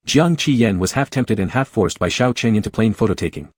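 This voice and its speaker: Guy reading a comic love story, low voice, husky, dry close sound, even pace. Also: a little fast, hardly any pauses, no echo. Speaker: narrator. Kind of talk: scripted story narration.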